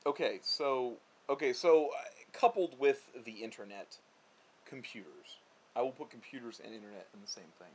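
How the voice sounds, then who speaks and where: A man co-hosting a casual vlog chat, rambling and animated, often restarting his sentences. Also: medium pitch, normal speed, a little hiss or hum. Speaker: vlog co-host.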